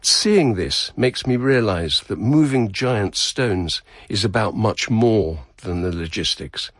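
A man narrating a radio feature in a measured, descriptive way. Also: lowish voice, expressive, no echo, clean studio sound. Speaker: radio reporter.

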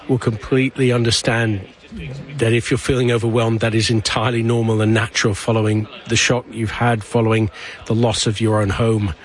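A male news presenter speaks at a mid pitch in a gentle, careful voice. He often stumbles on the first sound of a word before getting it out. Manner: gentle, stammering on word starts. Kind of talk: radio news interview.

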